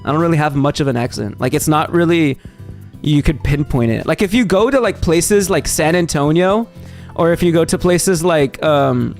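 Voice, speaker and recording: A man's voice: on the high side, a little mellow. A young man from Texas streaming live, chatting loosely and reading viewer messages, rambling with lots of fillers and restarts.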